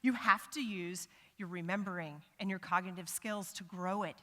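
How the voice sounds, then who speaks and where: A middle-aged woman preaching with a bright, sharp voice, lively and humorous as she acts out the voices she quotes. Her words ring out in a large church sanctuary with a long trailing reverb. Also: on the low side, moderate pace. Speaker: church speaker. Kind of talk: sermon.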